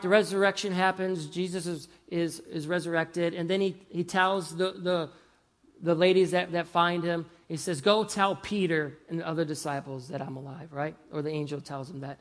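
A man preaching a sermon in a conversational way, often asking "right?" and "amen?", moving between loud emphasis and hushed, soft lines. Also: fairly high pitch. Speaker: pastor.

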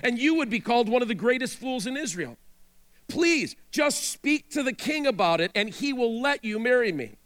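A man's voice: extremely high pitch, sing-song, normal speed, fairly bright tone, full character voice. A man voicing a pleading young princess. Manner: pleading, emotional reading.

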